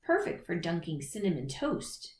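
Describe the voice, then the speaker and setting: A woman voicing a practical, bossy female groundhog who talks brisk and grumpy, in a roomy recording. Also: lowish voice, very animated, a little mellow. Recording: roomy echo.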